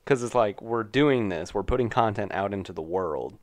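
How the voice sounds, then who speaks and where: Young dude podcast host, kinda low voice, swears and jokes around. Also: male voice, expressive, normal speed, a little mellow. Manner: joking, crude, laughs often. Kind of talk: casual podcast banter.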